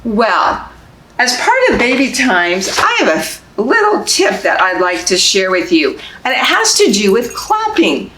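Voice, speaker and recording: A young woman, a librarian, reading a picture book aloud and singing nursery songs for babies, in a sing-song, animated way. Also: on the high side, measured pace, roomy sound, noisy background. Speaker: children's librarian hosting baby story time.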